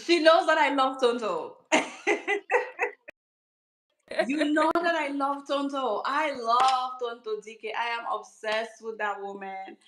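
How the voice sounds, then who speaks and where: A woman's voice: high-pitched, takes it slowly, echoey room, noisy background. A woman hosting a casual skincare channel chat, teasing her friend and laughing often.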